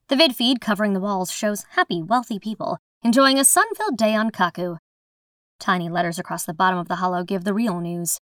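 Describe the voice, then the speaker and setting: A young woman reading a first-person story in an even, measured storytelling voice. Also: medium pitch, dry recording, clean studio sound. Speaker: audiobook narrator. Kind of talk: first-person scripted narration.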